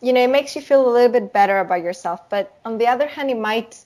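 A young woman co-hosting a podcast, talking through ideas in a relaxed, explanatory way with lots of "you know". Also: on the high side, fast talker. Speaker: podcast co-host. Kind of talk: casual chat.

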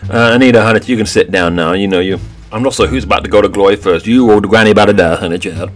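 A man's voice: lowish voice, racing, faint music behind, natural voice. A man voicing a sassy female TV court judge in a comedic audio drama. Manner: sassy, calls everyone honey child.

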